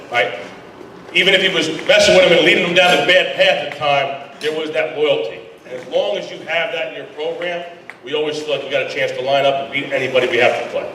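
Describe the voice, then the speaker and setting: A man, a high school football coach, giving a casual, folksy speech to a booster club. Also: pushed and bright, slight background noise. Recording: echoey hall, voice from far off.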